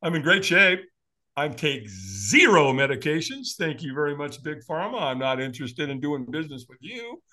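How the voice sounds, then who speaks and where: Bright-voiced man in his sixties. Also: a little high, very animated, normal speed. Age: 60s. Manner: acts out quoted voices, laughs often. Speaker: guest. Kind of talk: animated storytelling interview.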